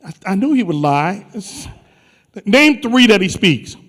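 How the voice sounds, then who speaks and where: A man's voice: high voice, big pitch swings, measured pace, a bit bright. A man emceeing a conference on stage, teasing the crowd in a playful, slangy way. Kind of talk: joking crowd work on stage. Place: large conference hall. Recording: live hall with long reverb.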